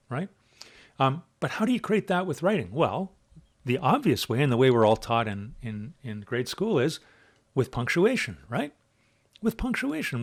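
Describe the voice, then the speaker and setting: Chatty man giving a writing lecture. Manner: casual, chatty, many fillers and asides; animated, shifts loudness and pitch for emphasis. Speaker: university lecturer. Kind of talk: classroom lecture.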